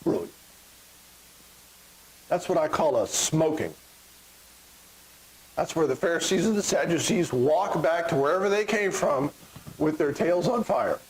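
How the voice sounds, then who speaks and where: A man's voice: on the high side, measured pace, pauses often, rough recording. A middle-aged man with a Texan accent, preaching a sermon in a church, joking and acting out voices of the crowd. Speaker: pastor. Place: church sanctuary.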